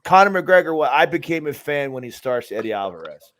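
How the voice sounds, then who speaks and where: A man's voice: fairly high pitch, sing-song, fairly quick, fairly bright tone. A man co-hosting a podcast, talking in a rambling, profane, casual way with frequent restarts. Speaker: podcast co-host. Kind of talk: casual chat.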